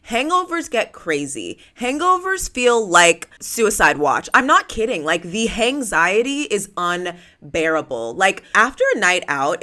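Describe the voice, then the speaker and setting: A woman's voice: on the low side, bright, forceful tone. A woman in her late twenties hosting a casual solo podcast, chatty and self-mocking, with dramatic swings and plenty of "like". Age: late 20s. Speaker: podcast host.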